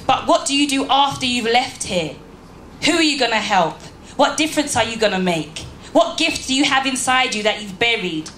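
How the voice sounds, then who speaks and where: Speaking in a high-leaning, expressive, sharp voice at a moderate pace, a woman gives an emphatic motivational talk in a church hall, pressing the live crowd with rhetorical questions. Slight background noise is present, and the roomy space has faint ambience.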